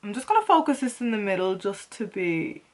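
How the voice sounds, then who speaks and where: Woman, makeup vlogger, mid-pitched, loose and chatty, thinks out loud. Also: sing-song, fairly quick. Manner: chatty, playful, talks to herself while working. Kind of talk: casual makeup tutorial chat.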